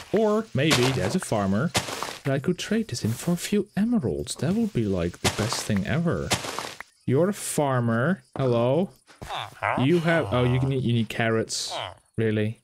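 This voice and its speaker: A man talks his way through a game in a relaxed, chatty way, joking with the characters he runs into. His pitch swings widely from low mutters to bright exclamations. A faint hiss sits under the recording. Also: unhurried. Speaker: gaming YouTuber. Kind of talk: casual gameplay commentary.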